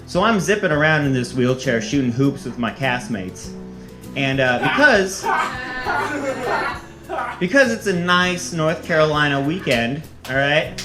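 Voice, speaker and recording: A man's voice: a little high, expressive, unhurried, roomy sound, over music, a crowd in the background. A man telling a comic personal story on stage, self-mocking and often breaking into laughter.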